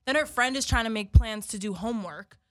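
A young woman co-hosting a casual chat, animated as she tells a story and quotes others in her own voice. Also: a little high, fairly quick, no echo, studio quality. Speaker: podcast co-host.

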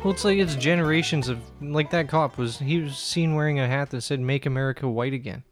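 A man's voice: on the high side, fairly quick, faint music behind. A man co-hosting a podcast in casual, profane, rambling chat, laughing often. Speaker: podcast co-host.

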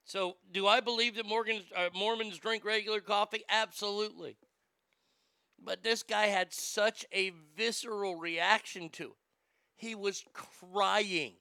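A man's voice: high voice, fairly even intonation, a little slow, vocal fry, sharp tone, clear, resonant tone, dry recording. A middle-aged man hosting a casual talk show, telling stories in a wisecracking, profane way. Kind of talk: casual talk radio banter.

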